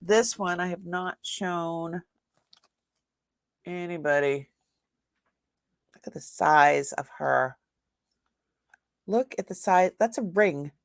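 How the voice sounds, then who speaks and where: A woman's voice: on the low side, slow pace, vocal fry, pauses often, dry recording, clean studio sound. An older woman hosting a live jewelry sale, chatting casually and laughing often. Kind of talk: casual live-stream selling.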